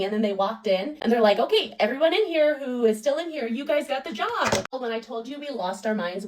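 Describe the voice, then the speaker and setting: Fast-talking, sassy woman telling a story. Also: fairly high pitch, far from the mic, rough recording. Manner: animated, sassy and self-mocking, with bursts of mock excitement. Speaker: storytime vlogger. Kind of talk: casual storytime monologue.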